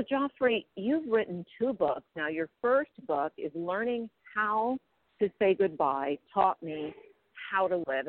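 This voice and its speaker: A woman's voice: fairly low pitch, dry recording. Encouraging woman host on a dry phone line. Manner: encouraging, explains ideas to listeners. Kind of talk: interview over the phone.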